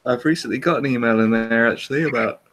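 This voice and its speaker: A man's voice: medium pitch, fast talker, fairly bright tone, a little hiss or hum. A man guesting on a casual livestream chat. He hesitates and repeats himself a lot, with plenty of fillers.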